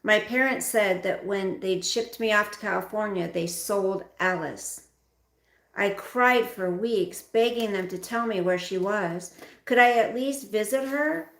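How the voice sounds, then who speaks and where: A woman reads a memoir aloud to her stream viewers, expressive and direct. Her voice is mid-pitched with a gravelly fry. The room around her is echoey. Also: measured pace. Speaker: livestream host reading a memoir aloud. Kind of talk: reading a memoir aloud with casual asides.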